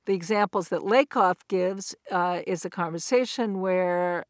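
A middle-aged woman giving a recorded academic lecture, explaining points step by step in a measured, clear way. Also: on the low side, no echo, clean studio sound. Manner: measured, explanatory, with quoted examples.

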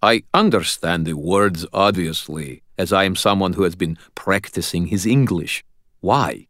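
A man voicing a big, solemn male Russian knight who speaks slow, careful, formal English. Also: low voice, fairly bright tone, dry recording, clean studio sound. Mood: puzzled.

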